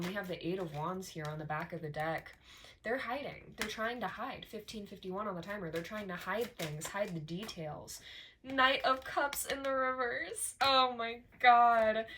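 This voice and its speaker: A woman doing a casual tarot reading straight to her viewers. She talks in an emphatic, repetitive way, scattering fillers and profanity, with a pitch that sits in the ordinary middle. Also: fairly bright tone, slight background noise. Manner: conversational with many fillers like "like" and "right". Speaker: tarot reader.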